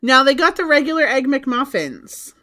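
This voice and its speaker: A woman co-hosting a livestream in casual chat, reading menu items aloud slowly and chatting. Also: high voice, very animated, sharp tone. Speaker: co-host of a reseller livestream.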